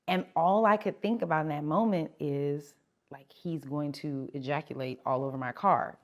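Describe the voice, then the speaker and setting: A woman's voice: sits low, moderate pace. A middle-aged woman hosting a podcast, telling a personal story candidly and with animation. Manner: candid, animated, laughing through an awkward story. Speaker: podcast host.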